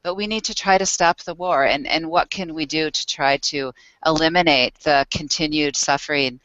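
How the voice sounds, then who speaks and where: A woman panelist with a pastoral studies background, speaking in a measured, academic way and often repeating words, over muffled lo-fi online audio. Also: sits low, a bit bright, no echo. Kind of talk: panel discussion.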